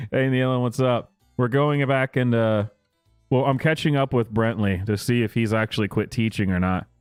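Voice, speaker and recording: A man's voice: medium pitch, moderate pace, clean tone, no echo, soft background music. A man hosting casual reaction commentary, sarcastic and mocking, laughing often. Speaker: commentary host.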